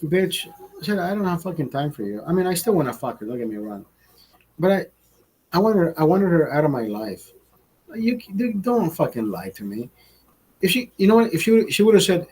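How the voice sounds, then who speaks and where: A young man hosting a livestream, telling a rambling, profane story in a casual, animated way. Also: on the high side, moderate pace, husky. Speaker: livestream host.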